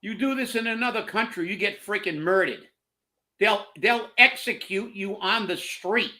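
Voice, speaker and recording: Fired-up, bright-voiced ranting man. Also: sits high, normal speed. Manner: heated, profane, repeats words when worked up. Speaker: co-host of political commentary show. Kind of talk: angry political rant.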